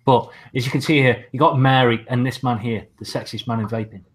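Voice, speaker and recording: A British man hosting a casual podcast, chatting bluntly with plenty of swearing and halting restarts. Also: medium pitch, fairly even intonation. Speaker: podcast host. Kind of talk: casual banter.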